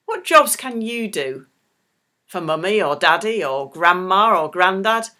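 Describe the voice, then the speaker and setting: A middle-aged woman leading a children's church talk, speaking slowly and gently to small children. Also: fairly low pitch. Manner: slow, animated, talks warmly to small children.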